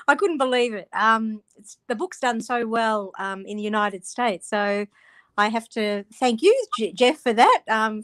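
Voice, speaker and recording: A woman's voice: fairly high pitch, a bit bright. A woman with an Australian accent, an author chatting as a guest over a video call, talking freely with frequent laughs. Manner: chatty, laughs often, restarts words. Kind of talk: casual interview chat.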